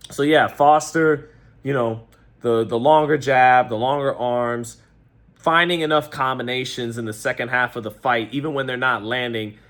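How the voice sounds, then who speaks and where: A New man reacts to a boxing match in a loose, conversational way. He rambles, corrects himself mid-sentence and leans on fillers. His voice sits at a medium pitch. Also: a bit bright. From New York. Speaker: boxing commentator. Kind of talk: casual fight-reaction commentary.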